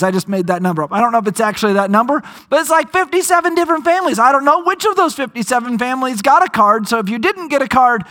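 Pastor, male, high bright tone, chatty sermon delivery with sudden loud emphasis. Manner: conversational, with dramatic slowdowns and bursts of emphasis.

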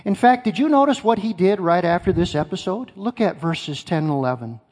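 A man's voice: sits high, lively intonation, a little fast, a little mellow. A male pastor preaching a sermon, emphatic, repeating key phrases and asking his congregation questions. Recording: long hall reverb.

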